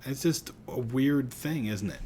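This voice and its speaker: A man's voice: mid-range voice, expressive, measured pace, mellow, slight background noise. A middle-aged man from Pittsburgh with a light Pittsburgh accent, giving a casual, rambling recorded psychology lecture. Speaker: psychology teacher.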